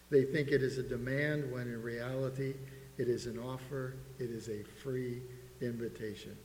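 A man preaching from the pulpit, his voice sitting a bit high, with frequent calls for amen. A long hall reverb rings after every phrase, as in a large church sanctuary. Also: a little mellow. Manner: calls for amens and quotes scripture in old King James wording. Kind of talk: sermon.

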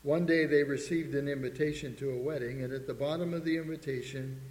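A man's voice: medium pitch, fairly even intonation, fairly quick, darkish tone. Preacher man in an echoing church. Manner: calls for amens and quotes scripture in old King James wording. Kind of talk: sermon. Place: church sanctuary. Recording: echoey church hall reverb.

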